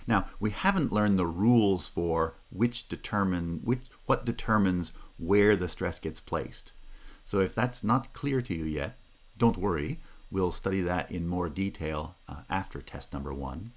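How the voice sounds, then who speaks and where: Slow, deep-voiced male lecturer. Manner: slow, careful, explanatory, reading example sentences aloud with exaggerated rhythm. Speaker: university lecturer. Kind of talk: recorded phonetics lecture.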